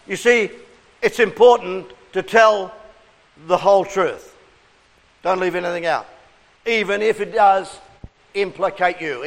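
A man's voice: high-pitched, creaky, fairly bright tone, long reverb tail. A man preaching an interactive sermon, coaxing the congregation with questions and call-and-response.

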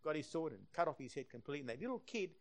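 A man preaching a sermon, swinging between loud passionate emphasis and hushed, quiet stretches. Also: on the high side, big pitch swings, very fast.

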